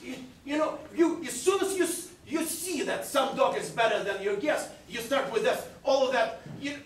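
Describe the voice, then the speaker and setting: An actor on a small stage playing a hot-tempered old landowner father who bellows and flies into rages. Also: very high-pitched. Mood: taunting. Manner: bellowing, quick to fury. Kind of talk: live stage comedy acting. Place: small black box theatre. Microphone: distant camera mic in the audience. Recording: echoey stage recorded from far off.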